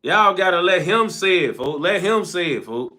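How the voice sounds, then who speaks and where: Streamer, slightly high voice. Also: male voice, lively intonation, moderate pace, sharp tone. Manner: reads viewer comments aloud, ends phrases with a low trailing "folks". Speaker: live streamer. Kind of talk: casual live-stream chat reading.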